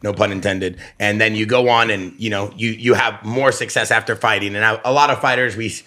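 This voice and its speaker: A man's voice: on the low side, steady tone, a little fast, pushed and bright. A man hosting a podcast, asking eager questions and praising his guest in casual talk. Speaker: podcast host. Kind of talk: casual interview.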